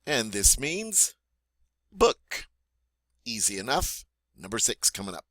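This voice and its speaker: A man teaching French vocabulary, modeling each word slowly and deliberately, then pausing for the listener to repeat, in a friendly, encouraging teacher's tone. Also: lowish voice, sing-song, sharp tone, no room sound. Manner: slow, deliberate model pronunciation with pauses for repeating. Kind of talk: vocabulary lesson for learners.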